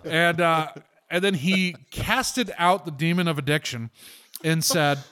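A man hosting a casual podcast, telling stories with animated, irreverent energy that turns preachy when he makes a point. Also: a little high, measured pace, clear, resonant tone. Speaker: podcast host.

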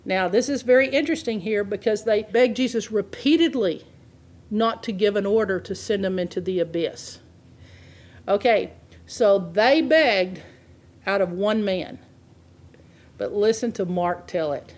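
A woman's voice: medium pitch, measured pace. A woman preaching a sermon, reading scripture aloud and laughing often as she explains it.

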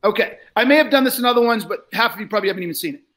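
A man coaching a salesperson in a live role-play, blunt and profane, lecturing and often raising his voice. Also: racing. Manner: often shouts, then drops low.

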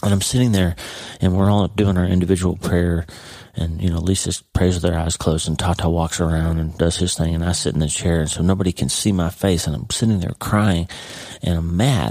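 A man's voice: low-pitched, fairly even intonation, brisk, darkish tone, dry recording. A middle-aged man hosting a podcast, talking earnestly and heartfelt straight to his listener in a personal monologue. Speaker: podcast host.

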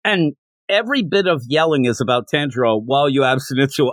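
A man's voice: medium pitch, a little fast, no echo. A man co-hosting a podcast, chatting casually as he recaps a manga chapter and slips into character voices while retelling it. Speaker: podcast co-host.

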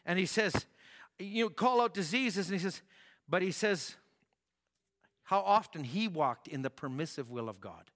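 A man preaching a sermon in a church hall, telling stories with animation, acting out voices and rising to shouts. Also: fairly high pitch, normal speed, pauses often. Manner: animated storytelling, acts out voices, rises to shouts. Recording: long hall reverb.

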